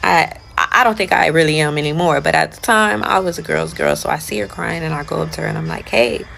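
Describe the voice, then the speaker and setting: Young woman w a real gravelly low voice, just chatting through her storytime. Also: quick pace, fairly bright tone, soft background music, poor audio. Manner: chatty retelling with many "I was like" quotes. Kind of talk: casual storytime.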